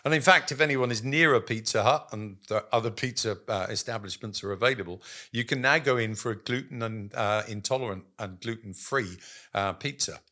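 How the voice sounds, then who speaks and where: A man's voice: fairly low pitch, brisk, bright, forceful tone. A man talking as a guest in a casual business chat, telling stories animatedly, acting out quotes and using many ums and uhs.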